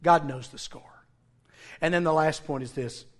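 A middle-aged male pastor preaching a sermon, quoting scripture and getting animated, nearly shouting when he retells his own confrontations. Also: on the high side, normal speed. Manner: animated, rising to near-shouting in retold confrontations.

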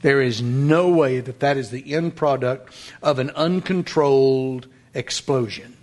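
A man teaching a Bible lesson in sermon style, emphatic, slowing down to stress points and sometimes dropping to a whisper. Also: medium pitch, a little mellow. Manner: emphatic, slows for stress, drops to a whisper at times. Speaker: preacher.

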